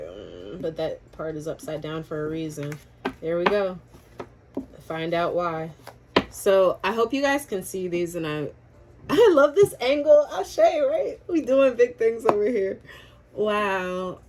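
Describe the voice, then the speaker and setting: A woman's voice: on the low side, darkish tone, a little hiss or hum. Chatty woman giving a tarot reading. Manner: chatty, spiritual, laughs often, swears casually. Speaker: tarot reader. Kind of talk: casual tarot reading to camera.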